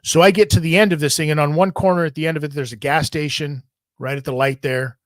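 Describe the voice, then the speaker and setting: A man hosting a podcast, telling a long story in a rambling, profane, animated way. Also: a little high, fast talker, no room sound. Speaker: podcast host. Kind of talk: casual storytelling.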